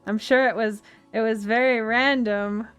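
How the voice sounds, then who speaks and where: A woman's voice: a little high, steady tone, measured pace, fairly bright tone, clean tone. Woman streamer, Western US twang, rambling and chatty, faint music behind. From United States. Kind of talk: casual chat while playing a game. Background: faint game music.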